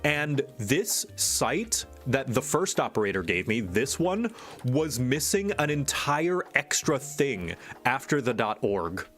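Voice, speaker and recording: A man's voice: mid-range voice, big pitch swings, slow, a bit bright, faint music behind. A man streaming live, in casual chat and ranting with exasperation. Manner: exasperated, venting rant. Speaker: streamer and animator.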